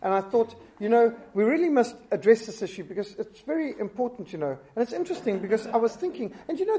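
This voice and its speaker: A preacher giving a lesson on public speaking, his voice soft and mellow rather than bright. He talks with animated emphasis, swinging his pitch and volume high when he presses a point. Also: fast talker, hardly any pauses. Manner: animated, emphatic, with sharp jumps in pitch and loudness. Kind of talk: instructional talk.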